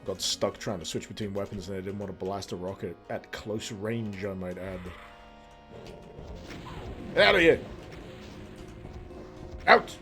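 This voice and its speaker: A man's voice: low voice, flat delivery, brisk, hardly any pauses, music in the background. A man streaming a game live, chatting playfully and exclaiming at the action. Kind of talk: live gameplay commentary.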